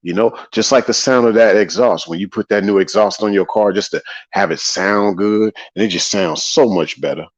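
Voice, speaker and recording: A man's voice: lowish voice, lively intonation, moderate pace, hardly any pauses. A man hosting a casual livestream monologue, preachy and repetitive, greeting viewers in the chat between points. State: tired after a long day. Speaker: livestream host. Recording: slightly dull lo-fi audio.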